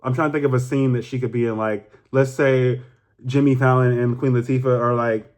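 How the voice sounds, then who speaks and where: A young man talks straight to his camera. He rambles casually, swears freely and leans on fillers, getting animated as he goes. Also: mid-range voice, a little fast. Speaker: YouTuber. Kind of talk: casual vlog monologue.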